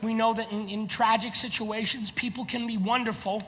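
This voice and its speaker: A man performing a stand-up comedy routine on stage, animated and often shouting his punchlines. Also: high voice, moderate pace, big-room sound. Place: large theater stage. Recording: live theater with audience laughter.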